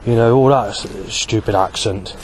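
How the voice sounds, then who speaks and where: A man talking alone to camera in a rambling monologue, halting often to search for words. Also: mid-range voice, slight background noise. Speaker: vlogger.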